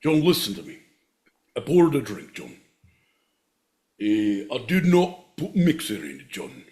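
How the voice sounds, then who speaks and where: A man voicing a rowdy, excitable Scottish character with a Scottish accent in an improvised comedy bit, insistently repeating the listener's name. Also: mid-range voice, unhurried, pitched below the performer's own voice.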